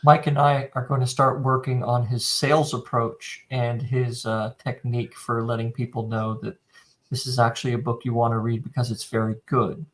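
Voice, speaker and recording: An easygoing man with a middle-pitched voice, chatting on a podcast. He teases his co-host in a relaxed, friendly way. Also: normal speed. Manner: teasing, easygoing. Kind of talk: casual chat.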